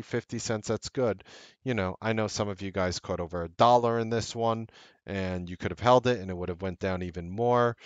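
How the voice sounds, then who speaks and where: A man in a trading lesson talks through his charts and leans on repetition to drive each point home. His voice sits a little low. The mic is close and dry, with no room sound. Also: dry recording. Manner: emphatic, repeats key points. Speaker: trading strategist. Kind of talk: screen-share trading lesson.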